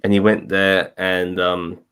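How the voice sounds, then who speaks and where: A man with a fairly low voice hosts a loose online chat. He rambles, swears freely and stops to correct himself mid-sentence. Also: little pitch movement, slow, a bit bright, clear, resonant tone. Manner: rambling, profane, self-correcting. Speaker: podcast host. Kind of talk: casual group review chat. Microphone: video call.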